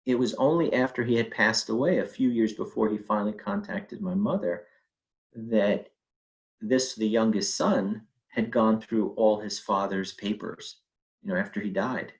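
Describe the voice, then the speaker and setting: A man's voice: on the low side, moderate pace, poor audio. A middle-aged man telling a personal family story in a conversational way, with fillers and quoted speech.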